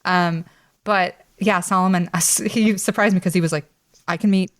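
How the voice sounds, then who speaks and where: A woman's voice: lowish voice, steady tone, moderate pace. A woman hosting a podcast, chatting casually with a friend and laughing often as she tells stories. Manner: warm, laughing, chatty storyteller. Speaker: podcast host.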